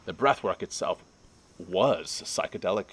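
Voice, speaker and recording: A man's voice: low-pitched, animated, unhurried, husky. A man co-hosting a podcast, sharing a personal experience in earnest, emotional conversation. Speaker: podcast co-host. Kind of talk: reflective casual conversation. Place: retreat center in Costa Rica.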